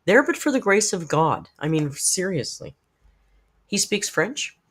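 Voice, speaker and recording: A middle-aged woman chats casually to her live-stream viewers, frank and quick to swear. Her pitch rises and falls in wide, animated swings. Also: breathy edge. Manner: frank, profane, chatty, talks straight to viewers in the chat. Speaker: live-stream host reacting to videos.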